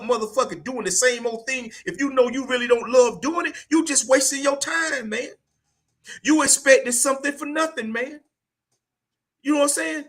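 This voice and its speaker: A man's voice: very high-pitched, a bit bright. A middle-aged man hosting a podcast, giving a blunt, profane motivational monologue and tacking "man" onto nearly every line. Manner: blunt, profane, preachy, repeats "man" constantly. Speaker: podcast host.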